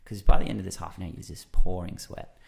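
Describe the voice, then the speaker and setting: Low gravelly man telling stories. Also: quick pace. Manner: lively storyteller who acts out his own reactions; loose and rambling with many fillers. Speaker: podcast guest. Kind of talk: casual conversational storytelling.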